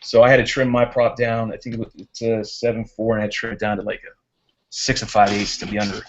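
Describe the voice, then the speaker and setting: Chatty drone racer on a lo-fi call. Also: male voice, fairly low pitch, fast talker. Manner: chatty, animated storytelling. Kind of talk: casual chat on a live hangout.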